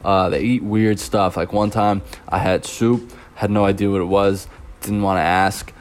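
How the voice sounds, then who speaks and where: A man's voice: on the low side, fairly even intonation, moderate pace. A young man hosting a podcast, telling stories from his teaching job in a rambling, laughing way, full of fillers. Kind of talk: casual storytelling podcast.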